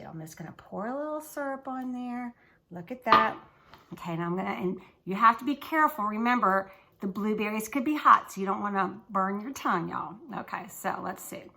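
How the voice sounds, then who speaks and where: A woman's voice: medium pitch, creaky, sharp tone, a little hiss or hum. A woman hosting a casual cooking show from her home kitchen, chatty and folksy, talking straight to her viewers.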